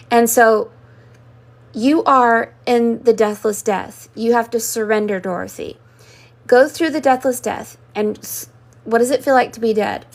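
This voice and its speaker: A woman's voice: fairly high pitch, vocal fry. A woman hosting a live-stream scrying session, talking in a rambling, mystical way that jumps from symbol to symbol. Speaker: spiritual reader.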